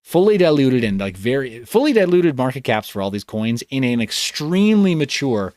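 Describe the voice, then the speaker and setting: A man's voice: medium pitch, very animated, moderate pace, a little mellow, no room sound, clean studio sound. Tired-voiced man chatting on a livestream. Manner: rambling, loose, self-interrupting. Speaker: livestream host. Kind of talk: casual livestream chat reading comments.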